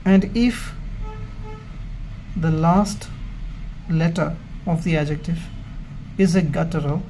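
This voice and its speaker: A man teaching Hebrew grammar in a slow, measured way, explaining step by step with pauses. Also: a little high, mellow, a little hiss or hum. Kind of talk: slow, methodical grammar lesson.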